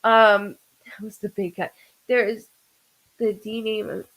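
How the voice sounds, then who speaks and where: A woman hosting a live-streamed psychic reading. She speaks haltingly, often saying "hold on," breaking off and restarting as she relays impressions. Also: medium pitch, little pitch movement, a bit bright, rough recording. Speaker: psychic medium host.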